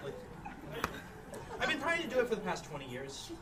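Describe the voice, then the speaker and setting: A young man called up from the audience answers in a dry, deadpan way, his pitch bouncing a lot. He is heard from far off over a loud, noisy crowd. The room is a live show. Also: fairly quick. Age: young adult. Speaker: audience volunteer. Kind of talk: live improv interview. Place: small theater with live audience. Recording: distant stage audio, noisy crowd.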